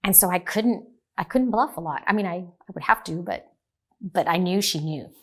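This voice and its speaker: A middle-aged woman, a divorce lawyer, talking in an animated storytelling way and acting out the dialogue. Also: lowish voice, moderate pace. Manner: animated, acts out quoted dialogue. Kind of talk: storytelling in a podcast interview.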